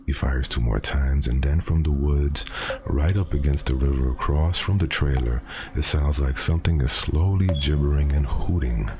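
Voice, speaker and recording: A man with a rumbling low, darkish voice hosts a podcast, reading a first-person horror story aloud in a casual, profane way with dramatic pauses. There's a little hiss or hum in the audio.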